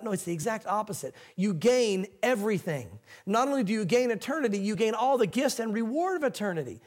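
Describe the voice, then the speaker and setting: A middle-aged man preaching a sermon as a pastor, talking in a relaxed, folksy way. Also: sits high, quick pace, hardly any pauses. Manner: conversational, folksy preaching with quoted voices.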